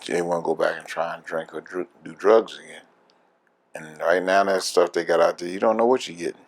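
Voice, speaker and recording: A man's voice: sits low, fairly even intonation, brisk. A man with a Philadelphia accent, a veteran telling his story in an oral history interview, candid and laughing often.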